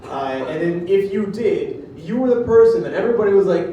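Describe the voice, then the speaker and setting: A man's voice: high voice, animated, mellow, distant mic. Man doing stand-up in an echoey club. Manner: rambling, self-deprecating delivery with filler pauses. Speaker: stand-up comedian. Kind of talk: stand-up comedy set.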